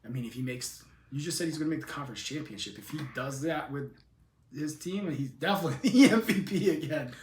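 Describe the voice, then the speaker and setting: A man co-hosting a podcast, casually steering a football chat with questions, relaxed and easygoing. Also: a little high, fast talker, echoey room. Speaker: podcast co-host.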